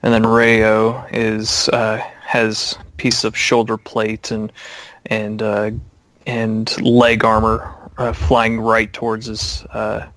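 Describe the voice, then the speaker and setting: A man narrating a tabletop game as game master, halting with many fillers. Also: on the low side, completely flat delivery, a bit bright, dry recording.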